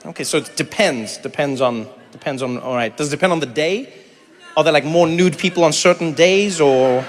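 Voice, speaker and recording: A man in his forties from South Africa doing stand-up and crowd work, animated and acting out little voices as he talks, laughing along with the room. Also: fairly high pitch, normal speed, in a large hall, a little hiss or hum. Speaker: comedian. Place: comedy venue with a live audience.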